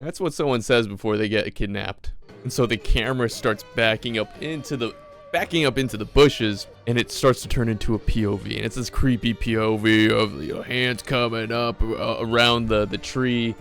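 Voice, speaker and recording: A man's voice: mid-range voice, moderate pace, gravelly, fairly bright tone. Man, casual comedic recap, swears, stumbles over words, faint music behind. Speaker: video reviewer.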